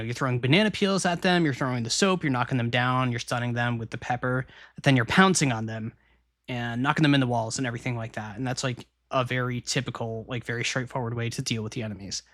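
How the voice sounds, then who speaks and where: Brief: male streamer, average pitch, loose chatty game commentary, thinks out loud. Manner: chatty, musing aloud, quick laughs. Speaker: live streamer. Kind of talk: casual gameplay commentary to chat.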